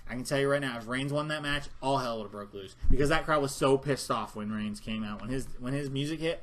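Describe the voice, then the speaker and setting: Brief: man, wrestling reviewer, heated profane rant, mid pitch. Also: fast, hardly any pauses, a little hiss or hum. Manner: heated, profane, rambling with restarts.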